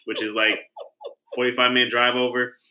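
A man tells a story among friends in a loose, rambling way, often starting his sentences over. His voice has a very bright edge. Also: mid-range voice, monotone, brisk, rough recording. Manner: rambling storyteller, many restarts. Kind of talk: casual chat.

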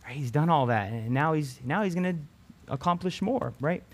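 A man's voice: fairly high pitch, expressive, moderate pace. A man teaching a Bible passage to students in a casual sermon, often tagging his sentences with "right?" and restarting phrases. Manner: keeps adding "right?" tag questions; conversational, with restarts.

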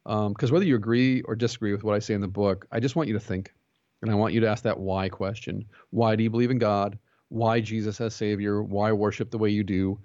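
A man's voice: fairly low pitch, fairly even intonation, brisk, darkish tone, dry recording, muffled recording. A man who is a pastor and jiu-jitsu instructor, talking earnestly as a podcast guest and telling stories with quoted dialogue. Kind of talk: conversational interview.

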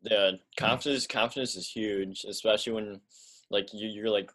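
Deep-voiced guy hosting a sports pod, flat and laid-back, says "like" constantly. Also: normal speed. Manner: casual, heavy use of "like". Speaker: podcast host. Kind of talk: casual podcast interview.

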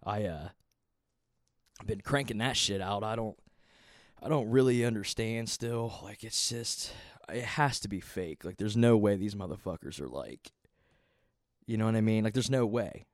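A man's voice: lowish voice, normal speed, pauses often, no echo, clean studio sound. Profane rambling man in his thirties. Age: 30s. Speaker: podcast host. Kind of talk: casual solo ranting.

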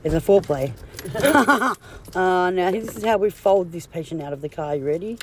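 A woman's voice: on the low side, lively intonation, moderate pace, slight background noise. A woman vlogging casually on a phone from a car and a clinic, blunt, joking and full of swearing. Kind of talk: casual vlog chat.

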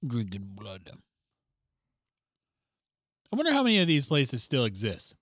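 A man talks casually over a movie with his co-hosts, quick to joke and swear. His voice is bright and lively. The sound is close and dry. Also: mid-range voice, no room sound. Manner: joking, swears freely, playful. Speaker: podcast co-host. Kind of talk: casual movie commentary chat.

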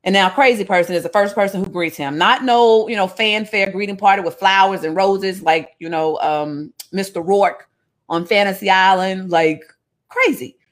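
A woman preaching a sermon, reading scripture and retelling it in a lively, joking, casual way. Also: medium pitch, moderate pace. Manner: animated storytelling, jokes and voices, casual asides.

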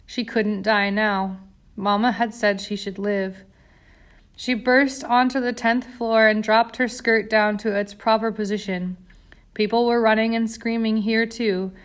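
A woman's voice: mid-range voice, fairly even intonation, unhurried. A woman reading an audiobook aloud, telling the story in a tense, dramatic way. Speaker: audiobook reader. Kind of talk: scripted audiobook narration.

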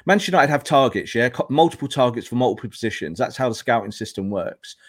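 Animated and fast, a medium-pitched man argues as a guest pundit on a football podcast. He's emphatic and preachy, frequently revisiting a point to hammer it home, and his voice is recorded dry and close with no room echo.

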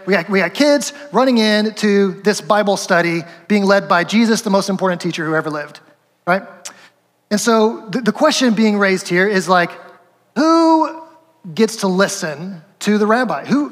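A man's voice: high-pitched, fairly bright tone, big-room sound. A man preaching a sermon as pastor, conversational and asking the congregation questions.

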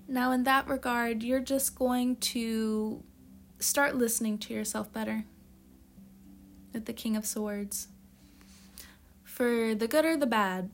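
A woman's voice: medium pitch, a little hiss or hum. A woman doing a casual tarot reading in a blunt, profane, tough-love way, with a youthful-sounding voice. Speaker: tarot reader.

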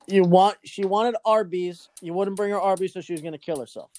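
A man's voice: high voice, a little fast, darkish tone, no room sound. A man co-hosting a casual chat show, reacting bluntly and profanely. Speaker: podcast co-host.

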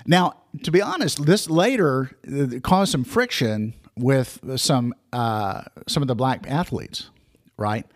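A man in his sixties telling personal memories for listeners, halting with many restarts and fillers. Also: medium pitch, expressive, dry recording, studio quality.

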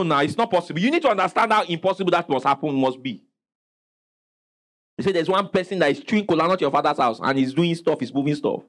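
A man's voice: on the high side, animated, quick pace, rough recording. A man preaching a sermon as pastor, calling out questions for the congregation to answer and exclaiming praise.

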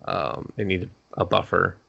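Low-voiced man recapping anime casually. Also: steady tone, unhurried, vocal fry, sharp tone, husky, highs cut off. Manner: rambling recap, acting out characters' lines in higher voices. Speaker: podcast co-host. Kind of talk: casual anime review chat.

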